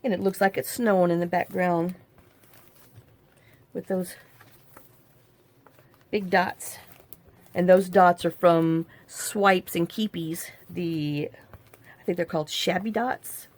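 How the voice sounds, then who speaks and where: Speaking slowly with frequent pauses, a middle-aged crafting host chats to herself while she works. Her lowish voice keeps fairly even intonation through the rambling, casual tutorial.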